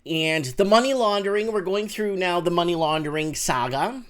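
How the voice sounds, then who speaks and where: A man hosting a live call-in show from his home, talking in an animated rant that swings between low mutters and loud outbursts. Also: normal speed, smooth. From Canada. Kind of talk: excited casual live-stream rant. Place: home room with window open.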